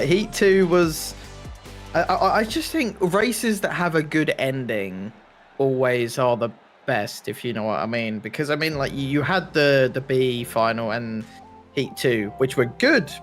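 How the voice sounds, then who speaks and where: A man chatting as co-commentator on a sim race broadcast, animated and prone to excited exclamations. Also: medium pitch. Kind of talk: casual commentary chat. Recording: faint music bed behind.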